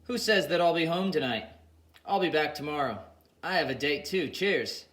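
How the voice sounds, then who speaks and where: A man voicing a boozy, cheeky male drinking buddy who jokes around loudly, in an audiobook reading. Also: fairly high pitch, lively intonation, moderate pace, voice pushed up. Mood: boisterous. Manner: jokey, slangy, loud and boisterous.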